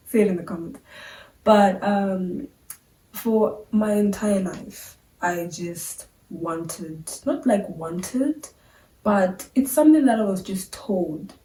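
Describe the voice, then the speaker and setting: A young adult woman vlogs to the camera, talking candidly and casually with plenty of filler words. Her voice is fairly low and dark, and she sounds a bit far from the mic in a roomy space with slight background noise.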